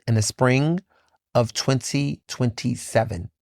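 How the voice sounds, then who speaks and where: His voice is medium-pitched, gravelly and a little mellow, and he speaks slowly, yet this Philadelphia podcast host is delivering fired-up solo commentary. He repeats himself for emphasis, swears, and says "like" often. The studio-quality recording has no echo.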